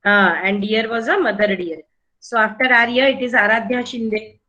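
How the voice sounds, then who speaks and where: A woman's voice: on the high side, normal speed, pushed and bright, low-quality recording. A woman teacher with an Indian English accent running a reading class, patiently repeating instructions and prompting pupils word by word.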